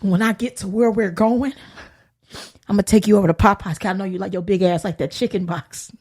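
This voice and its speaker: A woman's voice: mid-range voice, fairly even intonation, fairly quick, darkish tone, pitched below the performer's own voice, close to an everyday voice. Woman doing a brash, crude man. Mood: pushy.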